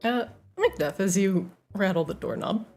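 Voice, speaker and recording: A woman's voice: mid-range voice, lively intonation, moderate pace, a little mellow, soft background music. A woman narrating and explaining the rules as game master of a tabletop role-playing game, chatty with many fillers.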